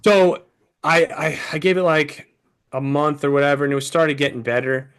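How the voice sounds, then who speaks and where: On a podcast he co-hosts, a man chats casually, slightly out of breath, cursing a lot and acting out the lines he quotes as he tells his story. His pitch is fairly high, his speed normal, and his tone clean.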